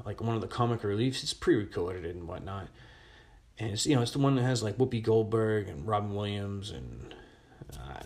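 Man rambling through a story. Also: lowish voice. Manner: rambling, animated storytelling with many restarts. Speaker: caller telling a personal story. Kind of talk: casual storytelling voice message.

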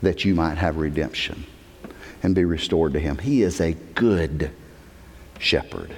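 A man preaching a sermon as pastor, emphatic, repeating words for stress and swinging from hushed tones to near-shouting. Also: extremely low pitch, measured pace, slightly rough. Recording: long hall reverb.

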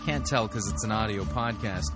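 A man hosting a podcast that reviews sermons, talking in a wry, sarcastic way with quick asides. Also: lowish voice, over music. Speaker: podcast host.

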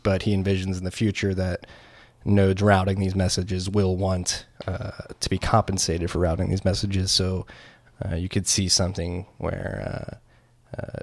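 A man's voice: deep voice, completely flat delivery, moderate pace, vocal fry, a little mellow, no echo. A man co-hosting a podcast, chatting casually in a laid-back, rambling way with lots of fillers. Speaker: podcast co-host. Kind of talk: casual chat.

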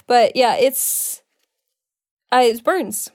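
A young woman co-hosting a podcast, chatting casually about beauty products she bought, self-deprecating and quick to laugh. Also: a little high, darkish tone, no echo, studio quality. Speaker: podcast co-host. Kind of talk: casual chat reviewing products.

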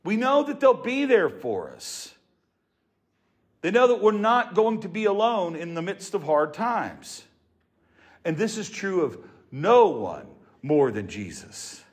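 A man's voice: sits high, sing-song, slow. A man preaching a sermon to his congregation in an earnest, emphatic way. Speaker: pastor.

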